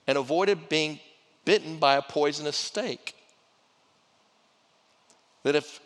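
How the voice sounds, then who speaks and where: In a long, reverberant hall, a middle-aged man gives a sermon to his church as its pastor. He talks conversationally, often repeating words and starting phrases over. His voice leans high, with a fairly bright tone.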